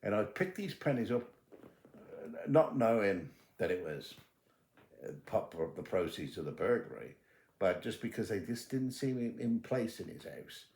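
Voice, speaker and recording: Older British man, very deep, roomy sound. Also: sing-song, moderate pace, gravelly, darkish tone. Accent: British English. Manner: acts out both sides of remembered dialogue. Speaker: retired detective telling his own case. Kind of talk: spoken true-crime storytelling. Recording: roomy echo.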